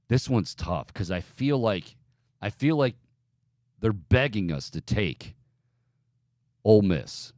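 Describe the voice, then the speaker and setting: A man's voice: on the low side, sing-song, slow, pauses often, a little mellow, dry recording, clean studio sound. A man hosting a sports betting show, giving opinionated picks in a loose, joking casual talk.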